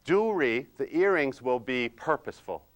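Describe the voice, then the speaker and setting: A man playing a quiet, precise, nerdy analyzer-type husband in comedic role-play, slow and hesitant with many ums and "you see?". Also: medium pitch, lively intonation, close to an everyday voice. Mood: deadpan nerdy. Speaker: personality-styles trainer.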